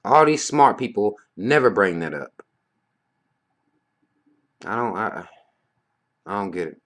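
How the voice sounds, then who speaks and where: Blunt, profane man ranting, low voice. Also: animated, slow pace, fairly bright tone. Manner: blunt, profane, heated, rhetorical questions. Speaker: vlogger. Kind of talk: casual rant to camera.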